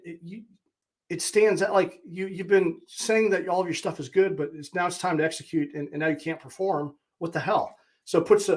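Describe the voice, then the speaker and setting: Host, male, 40s, a touch higher-pitched, candid and blunt, reflective solo monologue. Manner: candid and plainspoken, with blunt mild swearing. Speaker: podcast host and high performance coach.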